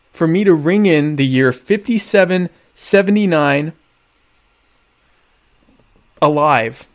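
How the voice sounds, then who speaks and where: A man hosting a casual live stream, rambling and interrupting himself, with deadpan, mock-pompous humor. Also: on the high side, slow pace, long pauses. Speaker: live show host.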